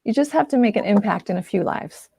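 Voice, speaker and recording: A woman artist chatting casually as an interview guest, animated and quick to laugh, with lots of fillers. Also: medium pitch, vocal fry, breathy edge, no echo, clean studio sound. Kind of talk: casual conversational chat.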